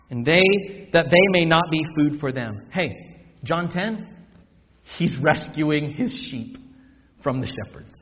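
A man preaches in a high voice, slowing down and rising in volume for scripture and then dropping into a casual, repetitive teaching tone. His speech reaches the mic muffled, with a long reverb from the hall around him. It sounds like a sermon from a church sanctuary. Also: animated. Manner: dramatic scripture reading, shifting from loud slow proclamation to soft asides; conversational teaching with repetitions and restarts. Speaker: pastor.

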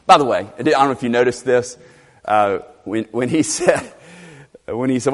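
A man preaching an expository sermon, emphatic and animated, repeating phrases for stress. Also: medium pitch, brisk. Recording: long reverb of a large hall.

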